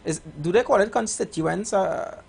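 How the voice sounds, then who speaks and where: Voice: medium pitch, moderate pace, creaky, a little mellow, slightly rough. A radio host with a Trinidadian accent, talking in playful, rambling live banter with many fillers and restarts.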